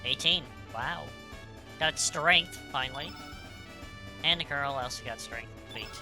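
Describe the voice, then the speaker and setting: A woman's voice: sits low, measured pace, music in the background. A woman streaming herself playing a game, chatting and reacting aloud in a casual way, sometimes humming.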